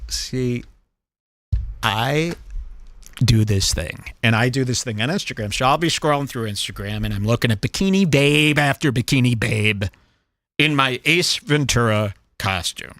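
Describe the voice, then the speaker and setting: Lively mocking male comedy host. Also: mid-range voice, measured pace, no room sound. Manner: mocking, animated, puts on silly voices. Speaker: show host. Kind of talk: crude comedic commentary.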